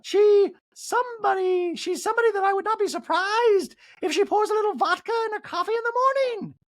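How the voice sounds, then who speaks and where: A man doing a shrill, exaggerated impression of a haughty reality-TV wife in a comedic recap. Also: brisk. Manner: shrill, exaggerated, sing-song.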